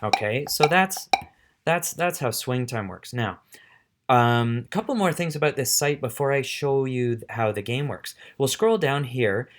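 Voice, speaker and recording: A middle-aged music teacher patiently explains things step by step in a casual instructional demo, counting rhythms aloud. His medium-pitched voice is unhurried, with lively intonation.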